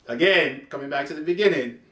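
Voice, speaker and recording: This African male host reacts to a clip on camera, chatty and emphatic, addressing viewers directly. His voice runs on the high side with a sharp edge. There's slight background noise and a roomy echo.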